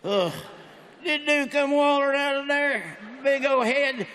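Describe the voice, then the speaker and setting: On stage in a large hall, a man with a Southern American accent delivers folksy punchlines in a drawl during a stand-up set. His voice is extremely high, steady, measured, and sharp. A stage mic captures him in the big, reverberant space.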